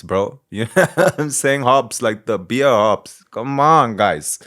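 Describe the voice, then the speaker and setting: A man with an Indian English accent hosting a casual music reaction, excitable, swearing and laughing often. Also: mid-range voice, unhurried, few pauses. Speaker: reaction video host.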